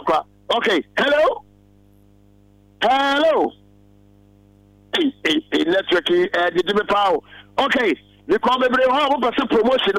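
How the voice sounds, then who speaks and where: Ghanaian guy running a lotto call-in, really high voice, dry close sound. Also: a bit bright, no echo, low-quality recording. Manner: chatty, repeats phone number slowly, greets callers. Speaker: lotto tipster show host. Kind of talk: casual call-in talk.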